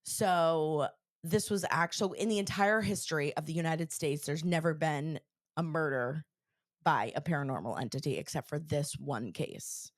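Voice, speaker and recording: A young woman co-hosting a podcast, telling a story in a casual, excitable way with lots of filler words. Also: low-pitched, moderate pace, no room sound, studio quality. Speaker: podcast co-host.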